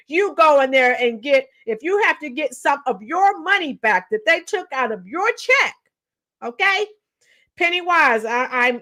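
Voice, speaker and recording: A woman hosting a livestream, bluntly sounding off and talking back to her chat by name. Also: high voice. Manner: animated, blunt, laughs often, talks to chat by name. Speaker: livestream host reading chat. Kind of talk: opinionated livestream commentary.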